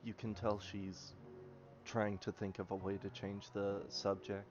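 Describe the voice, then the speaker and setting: A man narrating his character's actions in a tabletop game, measured and descriptive. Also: on the low side, level tone, darkish tone. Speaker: player. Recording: muffled lo-fi with music behind.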